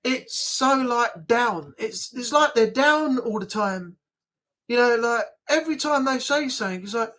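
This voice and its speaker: A man's voice: extremely high pitch, animated, unhurried, pushed and bright. A man from the United Kingdom hosting a casual livestream chat, rambling and blunt. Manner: rambling, chatty, blunt, with frequent restarts. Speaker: livestream host. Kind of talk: casual live chat reading comments.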